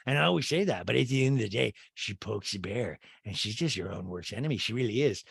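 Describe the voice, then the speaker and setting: A man hosting a comedic reality-TV recap podcast, sarcastic and quick to drop into character voices. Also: fairly low pitch, lively intonation, creaky, a bit bright, breathy edge, no echo. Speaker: podcast host.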